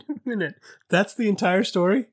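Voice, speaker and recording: A man's voice: high-pitched, fairly quick, breathy edge. A man co-hosting a casual chat, teasing his partner with a wry manner and ready laughter. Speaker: podcast co-host.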